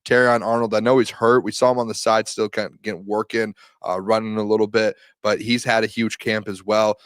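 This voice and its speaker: A man hosting a sports talk show, asking questions in a relaxed, easygoing way. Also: on the low side, dry recording, clean studio sound.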